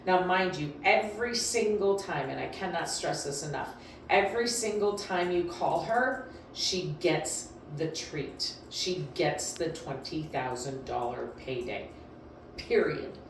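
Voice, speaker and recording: A woman's voice: low-pitched, a little slow, slight background noise. A woman dog trainer giving casual, emphatic instructions in a chatty, repetitive way. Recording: very echoey room, distant mic.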